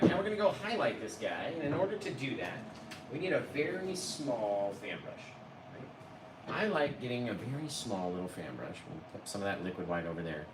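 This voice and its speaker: An enthusiastic man leads a live painting tutorial and keeps chatting with his viewers. His voice swings up and down with energy. It sounds roomy and a little far from the mic, with steady noise underneath. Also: medium pitch. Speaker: painting instructor on a livestream. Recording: roomy echo, voice a bit off-mic, noticeable background noise.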